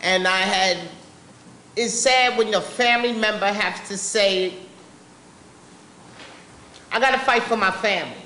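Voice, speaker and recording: A woman at a live public event gives personal testimony in a blunt, colloquial, impassioned way. Her voice sits at a middle pitch. The room is reverberant, and faint background noise lies under the talk. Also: measured pace, pauses often, pushed and bright. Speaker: panel speaker at a public forum.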